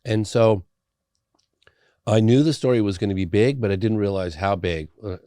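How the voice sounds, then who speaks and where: A middle-aged man, a documentary filmmaker, telling a story as a guest in a podcast interview, animated and loose with fillers. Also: fairly low pitch, moderate pace, no room sound, studio quality.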